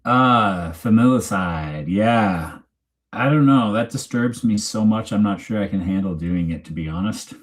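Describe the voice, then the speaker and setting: A man with a fairly low voice talks casually to his live-stream audience. He rambles, loses the thread and restarts his sentences in an easy, chatty way. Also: a little slow. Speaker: host of a true crime channel. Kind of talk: casual live-stream chat, reading viewer comments. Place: home.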